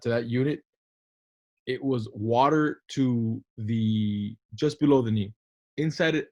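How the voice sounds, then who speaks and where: A man's voice: medium pitch, darkish tone. A man co-hosting a podcast, telling stories in a laid-back casual way, peppering his talk with "bro" and "dude". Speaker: podcast co-host. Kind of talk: casual chat.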